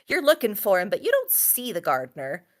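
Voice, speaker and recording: A woman's voice: mid-range voice, huge pitch swings, brisk. A woman narrating as game master for a tabletop game, rambling with many fillers and frequent laughs.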